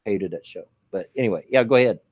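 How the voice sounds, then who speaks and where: Loud man in his fifties. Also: on the low side, quick pace, husky, dry recording. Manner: loud, big-mouthed, laughs often. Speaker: podcast co-host. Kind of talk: casual chat.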